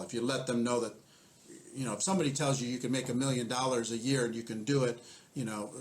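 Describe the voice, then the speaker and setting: A man coaching network marketing, methodically walking through numbered questions in casual talk. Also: mid-range voice.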